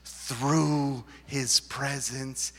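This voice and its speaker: A man preaching a sermon in a church, his delivery swinging from loud emphasis to a near-whisper. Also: mid-range voice, steady tone, very slow. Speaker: pastor. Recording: reverberant hall.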